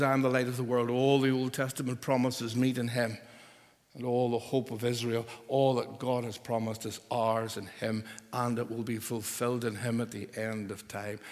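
A man preaching a sermon, emphatic and building to forceful repeated declarations. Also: mid-range voice, big-room sound.

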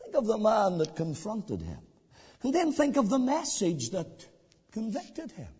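Male evangelist, high pitch, pleading questions, muffled recording with long hall reverb. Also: wildly swooping pitch, measured pace, slightly rough. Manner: swings between hushed pleading and loud ringing emphasis; repetitive rhetorical questions to the listener. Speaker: preacher. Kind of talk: evangelistic sermon.

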